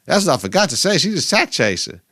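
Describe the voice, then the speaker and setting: A man hosting a podcast, recapping a TV episode in a casual, profane, animated way, acting out the characters' lines. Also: fairly high pitch, quick pace, no room sound, clean studio sound. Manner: animated, profane retelling with quoted voices. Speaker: podcast host.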